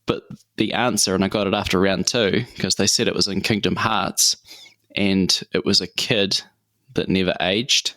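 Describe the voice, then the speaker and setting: A man's voice: low-pitched, fairly even intonation, moderate pace, a bit bright, no room sound. A man co-hosting a podcast in easygoing casual chat, giving short replies. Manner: easygoing, brief replies and laughs. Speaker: podcast co-host.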